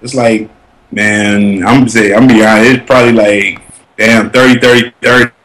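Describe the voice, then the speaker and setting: A man chatting casually, telling animated, profane stories about his kids and his job. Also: fairly low pitch, a little fast. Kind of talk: casual chat.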